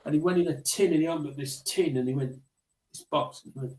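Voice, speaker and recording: A man telling stories from his childhood as a podcast guest, reflective and halting, with many restarts. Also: on the high side, darkish tone, echoey room, low-quality recording. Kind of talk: storytelling in a podcast interview.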